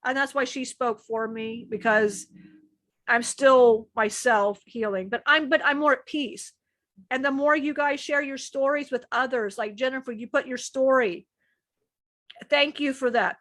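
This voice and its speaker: A woman's voice: sits high, a bit bright, no room sound. A woman co-hosting a live stream, sharing personal struggles in a rambling, emotional way, often restarting sentences and swearing casually. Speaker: channeler co-host.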